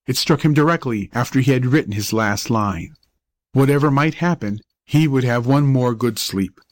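Measured male audiobook narrator, dry sound. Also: medium pitch, no room sound. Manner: measured storytelling reading. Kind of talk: scripted narration.

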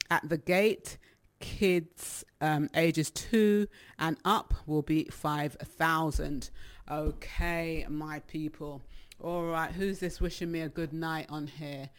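Breathless Jamaican woman hosting a live stream. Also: low voice. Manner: chatty and affectionate, greets viewers by name, laughs often. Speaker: live-stream gospel show host. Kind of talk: casual live-stream chat, reading out viewer comments.

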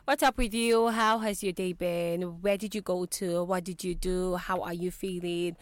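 A young radio presenter from southeast Nigeria chats in a bubbly, lively way on her show, greeting listeners again and again. Her voice sits on the low side with fairly even intonation and normal speed, picked up by a studio microphone in a radio studio with soft music in the background.

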